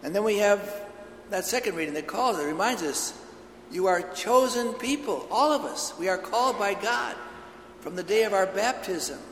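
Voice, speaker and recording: A man's voice: high voice, lively intonation, moderate pace, fairly bright tone, a little hiss or hum. A man preaching a homily, earnest and telling stories, in a large church. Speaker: priest. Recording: echoey church hall with long reverb.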